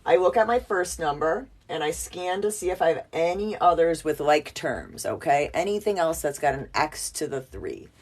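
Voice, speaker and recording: Low, darkish and expressive, this woman's voice keeps a moderate pace with hardly any pauses. As a math teacher at a whiteboard, she keeps the lesson casual and playful, chatting and poking fun at herself.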